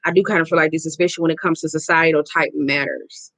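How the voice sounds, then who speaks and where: A woman giving a casual card reading to her viewers, blunt and profane, with emphatic, drawn-out repetitions. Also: low voice, no echo, poor audio. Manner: blunt, profane and expressive, talking straight to viewers. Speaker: oracle card reader.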